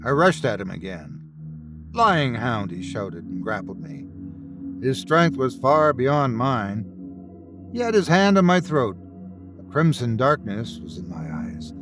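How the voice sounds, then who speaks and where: A man hosting and narrating a classic ghost story in a dramatic, expressive reading. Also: mid-range voice, unhurried, music in the background. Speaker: host and storyteller.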